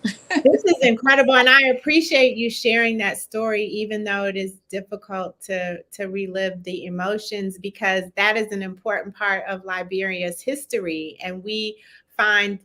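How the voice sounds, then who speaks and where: A woman's voice: mid-range voice, steady tone, normal speed, bright, forceful tone. A woman hosting a live interview, appreciative and attentive toward her guest. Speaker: interview host.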